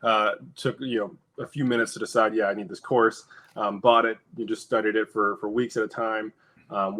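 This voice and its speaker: Brief: young male guest, lower voice, laid-back and hesitant over a call. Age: young adult. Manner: relaxed, many "um"s. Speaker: guest filmmaker and colorist. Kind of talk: casual video-call chat. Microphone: video call.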